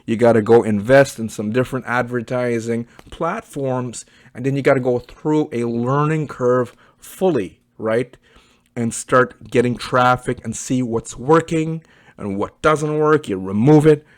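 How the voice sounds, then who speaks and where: A man's voice: medium pitch, unhurried, no room sound, clean studio sound. A Canadian man giving a casual, blunt screen-share review as an online business reviewer, chatty and often tagging "okay" and "right?".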